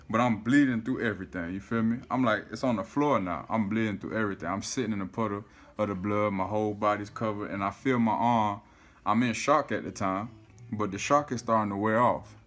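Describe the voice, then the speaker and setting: Talking casually to his camera, this South Florida vlogger spins a story with plenty of energy and a voice on the low side. Curse words come often, as does his habit of saying "you feel me."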